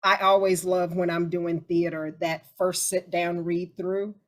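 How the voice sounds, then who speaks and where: A woman hosting a casual group discussion, chatty and animated as she tells stories. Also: on the low side, measured pace.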